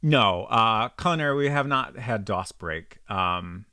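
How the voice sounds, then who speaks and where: In a clean, studio-quality, echo-free recording, a man with a lowish voice plays an old detective game on stream. He speaks slowly but expressively, his voice pushed and bright, rambling casually and saying um a lot as he works through it.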